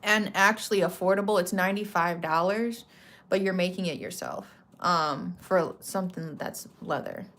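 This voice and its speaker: A craft vlogger with a fairly low voice talks at a moderate pace through a casual, chatty product walkthrough. She rambles loosely, corrects herself mid-sentence, and peppers her relaxed talk with slang.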